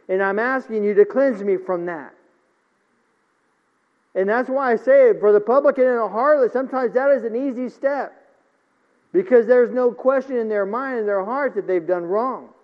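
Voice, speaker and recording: A man preaching a sermon, retelling a story and then reading scripture aloud with rising force. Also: sits high. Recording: muffled recording with long reverb.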